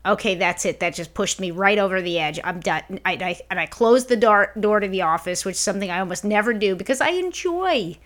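A woman co-hosting a podcast, telling stories in a blunt, profane, animated way. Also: medium pitch, brisk, hardly any pauses. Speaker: podcast co-host. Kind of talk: casual podcast chat.

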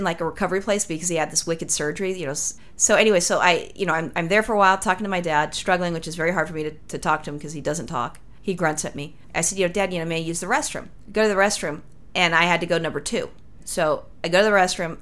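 A woman's voice: mid-range voice, a bit bright. A woman from Los Angeles telling a crude story in casual chat, swearing freely as a podcast host.

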